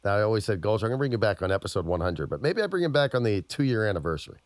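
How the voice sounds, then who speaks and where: A man's voice: on the low side, very animated, racing, no room sound. A man co-hosting a podcast in casual chat, telling rambling stories with plenty of swearing. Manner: profane, rambling storyteller. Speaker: podcast co-host.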